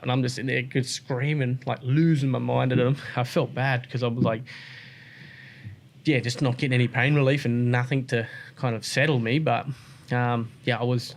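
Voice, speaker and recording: An Australian man chats as a podcast guest, spinning long stories in a loose, rambling way. He leans on "like" and "um" as he goes, at an ordinary middle pitch. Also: vocal fry, slight background noise. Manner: relaxed, rambling, many "like" and "um" fillers. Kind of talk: casual interview storytelling.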